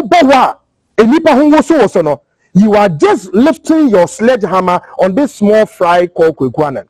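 A man's voice: high voice, very animated, normal speed, darkish tone, no room sound, low-quality recording. A man with a Ghanaian accent giving fiery political commentary, mixing in rhetorical questions. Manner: fiery, switching between English and Twi, rhetorical questions. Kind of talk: impassioned commentary.

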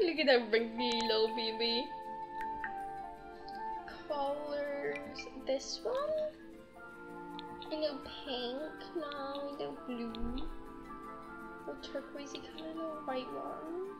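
High-pitched gushing woman gamer. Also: measured pace. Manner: gushing, squealing baby talk to a pet. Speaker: gaming YouTuber. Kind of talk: casual gameplay commentary. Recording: slightly dull audio with game music.

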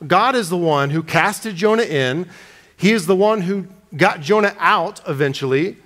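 Male preacher with a higher voice. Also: expressive, a bit bright. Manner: expository preaching, reads scripture aloud with slowed dramatic emphasis. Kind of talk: sermon.

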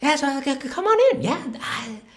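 A man's voice: very high-pitched, very animated, normal speed, a bit bright, pitched above the performer's own voice, exaggerated voice. A man voicing a timid, flustered man who stammers as he invites a guest in. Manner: stammering, nervous, hesitant.

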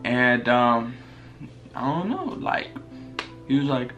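A young man telling a fight story in an excited storytime vlog, full of slang and swearing, often jumping into high laughing squeals. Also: slow pace. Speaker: vlogger. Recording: music playing clearly behind. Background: music.

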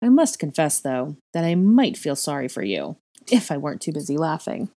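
A woman's voice: low voice, animated, normal speed, mellow, husky. A woman voicing a cold, mocking young man who sneers and purrs menacingly in a storybook reading. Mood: sneering.

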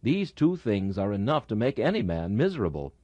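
A man reading an old sermon aloud in a solemn, dramatic manner, slowing down for emphatic phrases. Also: lowish voice, big pitch swings, warm tone, no room sound.

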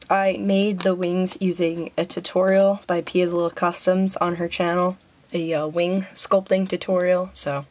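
Young woman, slight Southern US accent, casual vlog, chatty, giggly, lowish pitch. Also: darkish tone. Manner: chatty, many ums, giggly. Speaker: vlogger.

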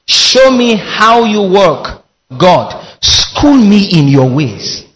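A man preaches with a raised, husky voice. He works as a pastor, leading his congregation through call-and-response lines. His delivery is emphatic. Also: high voice, big pitch swings, extremely slow, a bit bright. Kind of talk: sermon.

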